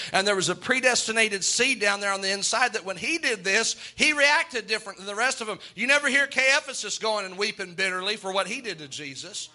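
A man's voice: high voice, bright, forceful tone. A male preacher delivering a folksy, emphatic sermon, often restarting his phrases as he drives a point home.

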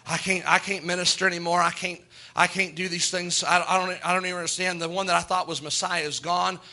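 A man's voice: high voice, little pitch movement, fast talker, sharp tone, pitched below the performer's own voice, heavily acted. A male preacher acting out a grief-stricken disciple who berates himself in broken, pleading speech. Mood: despairing. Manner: broken, self-reproaching pleading. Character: grief-stricken disciple Peter, adult man, despairing.

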